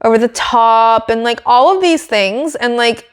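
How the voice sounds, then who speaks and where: A woman's voice: on the high side, measured pace, smooth. Giggly young woman recapping races. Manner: chatty, giggly, animated asides. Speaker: podcast host. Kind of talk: casual race recap.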